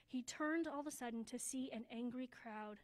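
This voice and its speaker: A woman reading a children's story aloud at a church service, slowing down for emphasis and dropping to a hush. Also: high voice, rough recording. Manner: expressive, slows down for emphasis, drops to a hushed voice.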